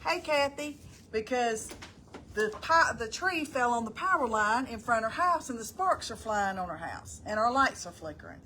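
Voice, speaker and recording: A middle-aged woman, hosting a casual live stream. Her voice sits a little higher than most and runs on in a chatty, folksy ramble as she calls out viewers by name. Faint background hiss sits under her voice. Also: expressive, normal speed, bright, forceful tone.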